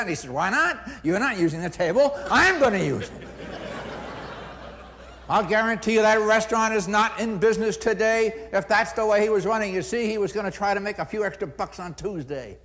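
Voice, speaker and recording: An older man giving a customer service seminar, telling stories with acted-out dialogue and frequent laughter. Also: sits high. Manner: animated storyteller, acts out dialogue, laughs often. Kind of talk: storytelling seminar talk.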